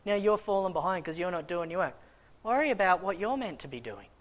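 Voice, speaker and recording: A man preaching a sermon and reading scripture, telling personal stories with lots of restarts. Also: high voice. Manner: animated storytelling with many restarts; reads scripture in a raised, deliberate voice. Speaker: preacher and schoolteacher.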